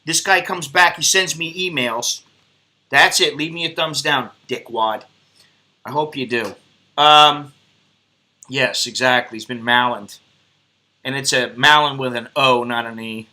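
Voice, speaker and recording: Blunt, profane man with a bright voice. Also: medium pitch, fairly even intonation, a little slow, long pauses. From United States. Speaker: live stream host. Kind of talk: casual rambling live stream chat.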